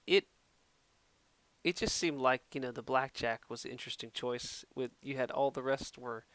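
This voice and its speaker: A man's voice: mid-range voice, normal speed, a bit bright, dry recording. A man casting a match, chatting and teasing players with frequent laughs. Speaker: match caster. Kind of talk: casual post-match chat.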